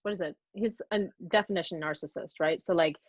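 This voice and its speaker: A woman's voice: on the low side, brisk, a little hiss or hum. A woman in a casual chat, telling a story in a chatty way and filling it with "like". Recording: dry, dull lo-fi sound.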